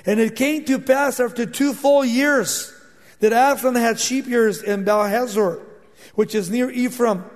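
A man preaching through a scripture passage, retelling it in his own words, acting out the quotes and dropping to a hushed, intense voice for emphasis. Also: very high voice, steady tone, a little slow. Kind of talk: expository sermon, paraphrasing scripture. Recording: long hall reverb.

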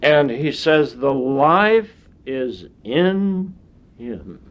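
Slow, deliberate male preacher, lo-fi. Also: medium pitch, lively intonation. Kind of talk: sermon. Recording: dull lo-fi sound.

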